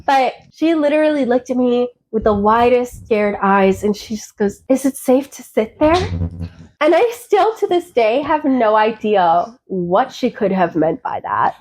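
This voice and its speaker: A woman's voice: a little high, animated, a little slow, hardly any pauses, darkish tone, poor audio. A woman co-hosting a podcast as a former flight attendant, retelling movie scenes in casual chat and laughing often.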